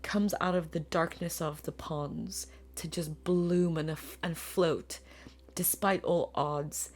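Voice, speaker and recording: A woman in the middle of a tarot reading, talking straight to her viewers in a lowish voice. She speaks earnestly and gets emotional, trailing off and looking for the right words. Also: darkish tone. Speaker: tarot reader.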